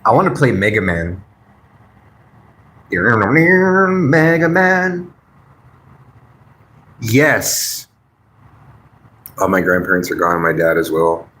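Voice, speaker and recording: A man's voice: low-pitched, measured pace, pauses often, fairly bright tone. Laid-back, blunt male livestream host. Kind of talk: casual livestream chat answering viewers. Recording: roomy echo.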